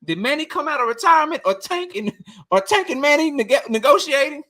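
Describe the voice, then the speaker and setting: A man's voice: extremely high pitch, lively intonation, brisk, pushed and bright. A young man hosting a casual livestream debate, talking heated and slangy, repeating himself and often laughing. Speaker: host.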